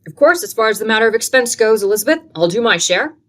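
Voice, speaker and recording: A woman reading aloud and voicing a grim uncle who talks briskly and offhandedly. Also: on the high side, lively intonation, pitched above the performer's own voice, close to an everyday voice.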